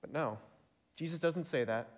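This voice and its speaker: A young man delivering a sermon in a fairly high voice. He speaks earnestly, with a build toward fervent, pressing emphasis. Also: moderate pace. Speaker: preacher.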